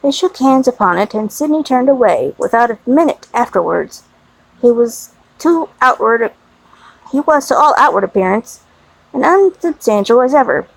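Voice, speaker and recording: A woman's voice: fairly high pitch, expressive, normal speed, creaky, dry recording, rough recording. A sleepy woman reading a novel aloud as an audiobook narrator, casual with small stumbles. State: sleepy, yawning. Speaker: audiobook reader.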